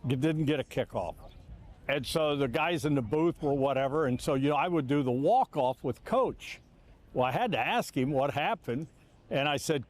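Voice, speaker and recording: An older man recalls his career in an easygoing, mid-pitched voice. He talks in loose, repeated bursts. When he quotes others, he jumps up in pitch and acts the lines out. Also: normal speed. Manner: animated, repeats words and restarts, acts out quotes. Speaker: longtime sportscaster. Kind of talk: reflective interview storytelling.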